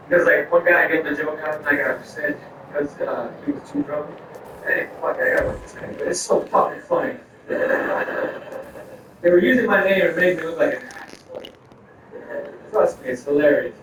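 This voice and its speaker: A man's voice: fairly high pitch, a little fast. Profane man telling stand-up stories. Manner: profane, rambling and conversational. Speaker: stand-up comedian. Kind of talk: stand-up storytelling. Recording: very echoey, far-off mic, noisy.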